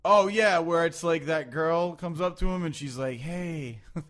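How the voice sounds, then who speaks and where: Animated swearing man, casual podcast. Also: a little high, moderate pace. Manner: animated, swearing, laughing often. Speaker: podcast co-host. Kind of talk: casual chat about movies.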